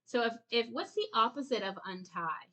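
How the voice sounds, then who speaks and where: A woman's voice: fairly high pitch, big pitch swings, normal speed, sharp tone. A woman teaching her child to read at home, patiently repeating words and asking short quiz questions. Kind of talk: home phonics lesson.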